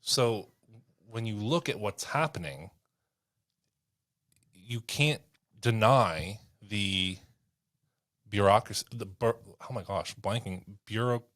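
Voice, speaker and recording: A man's voice: fairly low pitch, slow, pauses often, a bit bright. A Canadian man co-hosting a podcast, talking politics earnestly and sometimes stumbling over his words. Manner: earnest, hesitant, searches for words. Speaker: podcast co-host. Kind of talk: casual political chat.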